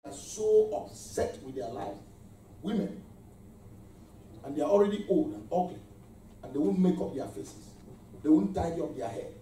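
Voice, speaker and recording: A male pastor delivers a sermon with a high, animated voice that swoops up and down. He keeps the congregation answering him, calling out praise between his points. His sound is mellow and comes from far off, washed in the long echo of a church hall. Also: moderate pace, long pauses, slight background noise. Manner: call-and-response preaching, exclamations of praise. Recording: echoey hall, mic far off.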